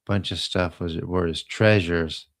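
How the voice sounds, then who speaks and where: A man with a very low voice tells a story in a loose, rambling way. He talks slowly, drifting from one detail to the next and adding little asides as he goes. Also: steady tone. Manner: slow, meandering retelling with trailing asides. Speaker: host of a live healing stream.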